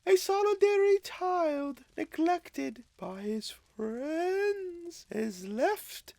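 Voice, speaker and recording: Ghost: very high, airy and drawn out, gentle, otherworldly. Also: male voice, big pitch swings, extremely slow, gravelly, dry recording, heavily acted. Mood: solemn. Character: ethereal genderless ghost of the past, slow and gentle.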